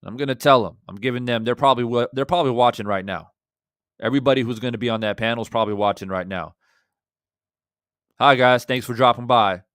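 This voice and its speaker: A man delivers fan reaction commentary in a mid-pitched, smooth and resonant voice. He argues in an impassioned, rhetorical way, rising loud and then dropping low. The sound is dry and close, with no room around it. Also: fast, no echo. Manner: impassioned, rhetorical, swings between loud and quiet. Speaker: boxing channel host.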